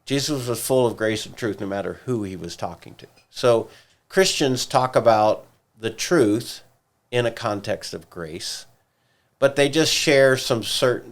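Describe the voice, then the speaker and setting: A man with a low, gravelly voice talks through ideas on a church podcast. He explains in a steady, measured way, pausing now and then to gather his thoughts. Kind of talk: casual podcast discussion.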